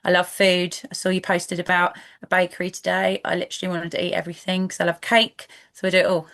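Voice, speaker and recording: A woman with a Brighton accent, a guest coach in a podcast interview, speaking softly and hesitantly with many fillers. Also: lowish voice, monotone, fast talker. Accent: Brighton English. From England.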